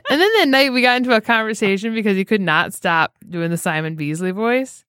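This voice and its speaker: A woman chats on a podcast and spins animated stories, acting out the people in them. Her voice sits at an ordinary pitch and sounds dry and close, with no room around it. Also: a little fast, few pauses, no room sound. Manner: animated storyteller, quotes people. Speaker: podcast co-host. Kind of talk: casual chat.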